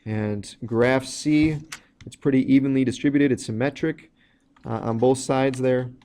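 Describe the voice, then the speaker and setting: A man's voice: mid-range voice, steady tone, unhurried, dark tone. A man teaching a recorded math lesson, walking through each step plainly with some fillers. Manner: plain explanatory, walks through steps with fillers.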